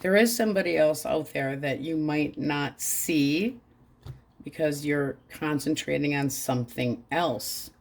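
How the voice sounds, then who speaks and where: A woman's voice: low-pitched, measured pace, vocal fry, a little hiss or hum. A woman giving a casual tarot reading, talking bluntly and crudely in a frank, offhand way. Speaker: tarot reader.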